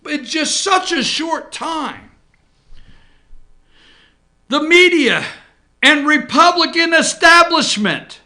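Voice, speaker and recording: A man's voice: very high-pitched, lively intonation, slow pace, pauses often, sharp tone. A man hosting a political talk show from an office, ranting with sarcasm, indignation and swearing.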